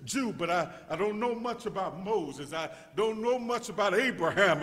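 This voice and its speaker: A male pastor preaching a sermon, restarting words in stammering repeats and rising to shouts as he calls out to his congregation. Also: high-pitched, expressive, normal speed, few pauses. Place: church sanctuary. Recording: long reverb of a church hall.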